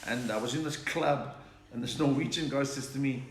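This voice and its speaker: A man's voice: mid-range voice, moderate pace. A South African man, a comedian, chatting and telling jokes on a live stream from home and answering viewers' requests. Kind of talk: live-stream joke chat. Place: home during lockdown. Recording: echoey room, faint noise.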